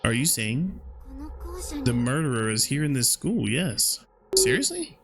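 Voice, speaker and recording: A man's voice: mid-range voice, animated, unhurried, gravelly, noisy background. A man playing a horror game and reading its dialogue aloud, with casual, slangy reactions in between. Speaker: gaming video creator.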